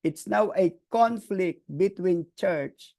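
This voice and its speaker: Man, teacher, history lecture, raised pitch, gravelly, frequent "okay". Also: slow, a little mellow. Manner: frequent "okay" checks, restarts.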